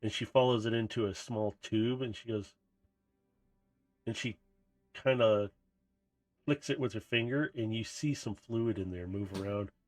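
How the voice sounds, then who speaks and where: A man's voice: on the low side, unhurried, long pauses, soft background music. A man narrating as game master in a tabletop game, in a casual, rambling way.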